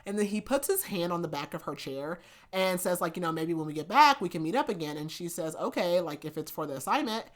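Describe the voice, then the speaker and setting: Fast and expressive, a young woman with a fairly low-pitched voice retells a romance novel for her book review podcast. The recap is chatty and loaded with fillers, especially "like".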